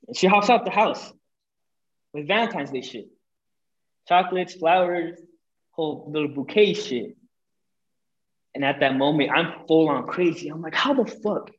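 A man's voice: fairly high pitch, lo-fi sound. Young man telling a heated profane story. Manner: animated, profane, acts out quoted lines. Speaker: podcast guest. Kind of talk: casual storytelling.

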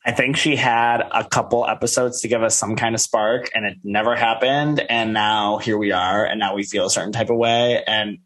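A man's voice: steady tone, normal speed, hardly any pauses, a bit bright. Male co-host, gossipy and playful, casual chatter. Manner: gossipy, laughing, quotes people in high mocking voices. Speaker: podcast co-host. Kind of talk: casual recap chat.

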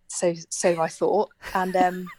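A woman's voice: on the low side, level tone, takes it slowly, darkish tone, slight background noise. A woman from Bristol, telling a personal anecdote in a chatty way and laughing often. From Bristol, England. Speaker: guest telling a story. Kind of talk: casual anecdote.

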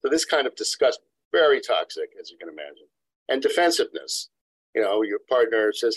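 A couple therapist from a New York City practice, appearing as a guest on a podcast, explains research in a lecturing, digressive manner and acts out the quotes he cites. His voice sits on the low side, sing-song and fairly quick with a breathy edge. The low-quality recording has no echo.

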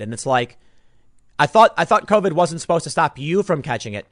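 A man's voice: fairly high pitch, very animated, fairly quick, fairly bright tone, no echo, studio quality. A man giving an opinionated political commentary monologue, combative and sarcastic, restarting his sentences as he argues.

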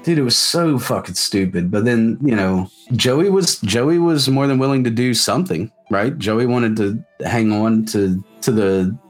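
A musician guest from South Mississippi chats casually and tells stories in a medium-pitched, animated voice, a little slow but with hardly any pauses, over soft background music. He rambles, fills his speech with "like," and swears freely.

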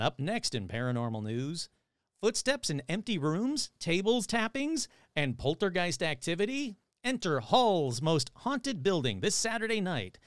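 A man's voice: a little high, fairly bright tone, dry recording, clean studio sound. A male podcast host reading odd news aloud with sarcastic, irreverent asides. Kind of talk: casual podcast commentary.

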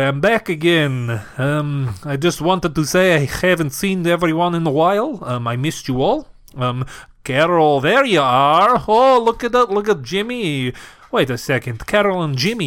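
A man's voice: a little high, very animated, unhurried, a bit bright, voice pushed up. A man putting on a jolly vampire host. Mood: cheery. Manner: cheery, chatty, welcoming. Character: jolly male vampire greeting his fans. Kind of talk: improvised comic bit.

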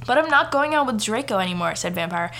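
A woman's voice: fairly high pitch, expressive, quick pace, fairly bright tone. A young woman co-hosting a casual podcast, reading a fanfic aloud and teasing with playful, laughing remarks. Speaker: podcast co-host.

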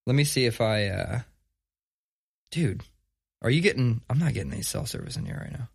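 A man co-hosting a casual podcast, talking in a relaxed, conversational way and telling stories. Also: mid-range voice, fairly quick, vocal fry, breathy edge. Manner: conversational, reads sponsor plug casually. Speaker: podcast co-host. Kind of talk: casual chat.

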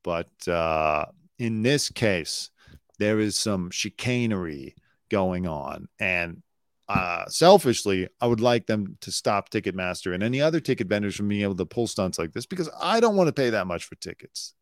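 A man with a lowish, animated voice speaks at a moderate pace in a dry, studio-quality recording. He's a former entertainment news producer hosting a casual live-stream news commentary, blunt and opinionated, swearing freely and rambling through asides.

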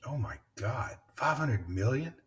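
A man's voice: medium pitch, animated, measured pace, a bit bright, distant mic. A man hosting a podcast, chatting casually and rambling, swearing often and laughing. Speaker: podcast host. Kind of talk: casual chat.

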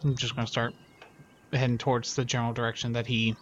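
A man's voice: medium pitch, little pitch movement, fast, a bit bright, lo-fi sound. Brief: male player, casual and practical, mid voice. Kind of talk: casual tabletop game play.

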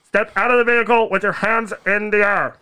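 A man's voice: high-pitched, fairly even intonation, brisk, sharp tone, clear, resonant tone, pitched above the performer's own voice. A man imitating a stern police officer who barks clipped orders at a driver, raising his voice a little above his own. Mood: commanding.

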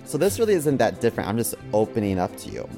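A man's voice: on the low side, sing-song, quick pace, gravelly, warm tone, faint music behind. A man co-hosting a comedy podcast, laid-back and giggly, reading a silly story in a mock-storybook way. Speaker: podcast co-host.

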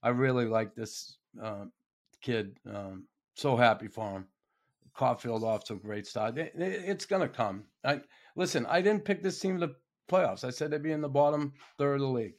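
A man's voice: mid-range voice, normal speed. A middle-aged man giving a casual, blunt hockey opinion monologue, folksy and swearing freely. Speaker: hockey commentator.

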